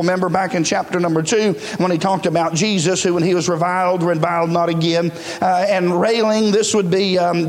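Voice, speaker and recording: Male preacher, high pitch, chatty sermon that swells into shouts, recorded in an echoing hall. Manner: conversational preaching with many fillers, rising to shouts.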